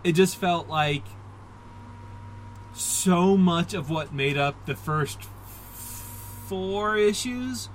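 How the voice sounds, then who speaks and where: Guy rambling on a comics podcast, kinda high voice, lots of likes and ums. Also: drawn-out words, pauses often, a little hiss or hum, rough recording. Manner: rambling, self-deprecating, puts on mock voices. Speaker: podcast co-host. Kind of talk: casual comic book discussion.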